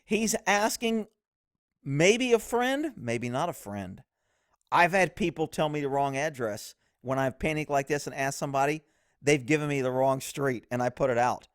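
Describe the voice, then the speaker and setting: A man's voice: medium pitch, moderate pace, smooth, dry recording. Blunt profane man commenting, dry close sound. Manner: blunt, profane, laughs easily. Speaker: police video commentator. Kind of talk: casual video commentary.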